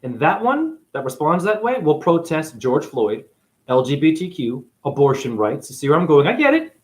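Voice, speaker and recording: This spiritual video host, a man from New England, speaks to camera in a rambling, profane monologue, his voice a little high for a man. He stays sarcastic the whole way, swinging from loud outbursts to near-whispered asides in a sing-song delivery at normal speed.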